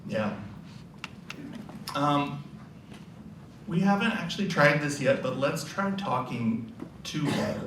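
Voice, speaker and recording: A man presenting at a symposium, reading a story aloud and thinking out loud with the audience in a relaxed way. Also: a little high, slow pace, long pauses. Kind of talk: casual talk with reading aloud. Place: lecture hall. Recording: echoey hall from far off, noisy.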